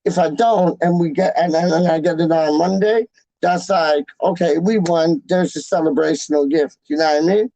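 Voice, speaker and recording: A man hosting a casual livestream, with a gravelly, somewhat high voice. His tone is dark and mellow, and the sound is close and dry. He rambles in slang, repeating himself and calling people "dog" and "man.". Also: moderate pace, no room sound, poor audio. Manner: rambling, talks straight to the live chat. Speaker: fan channel livestream host.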